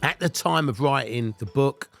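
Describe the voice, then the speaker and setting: A man's voice: mid-range voice, normal speed, gravelly, a bit bright, faint music behind. An English man in his fifties telling blunt, swear-filled stories about his own past and breaking into laughter as he goes. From England. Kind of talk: casual anecdotal storytelling.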